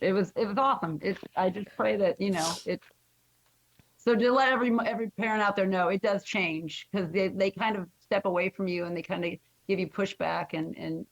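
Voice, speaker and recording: Low-voiced grandma, stop-start storytelling, kinda muffled dry sound. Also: female voice, no room sound. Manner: emotional, halting storytelling with many restarts. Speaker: guest. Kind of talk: casual podcast chat.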